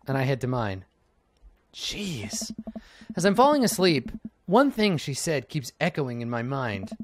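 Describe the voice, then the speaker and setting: Animated man joking through a game. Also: fairly high pitch, measured pace, slight background noise. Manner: animated and jokey, swings between loud outbursts and mumbled asides, swears. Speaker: let's-play gamer. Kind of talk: comedic game read-through.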